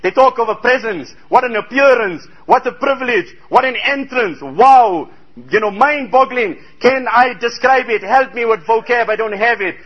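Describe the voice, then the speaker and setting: A man's voice: extremely high pitch, moderate pace, hardly any pauses, highs cut off. A man preaching a sermon, telling a story with emphatic, rhetorical exclamations.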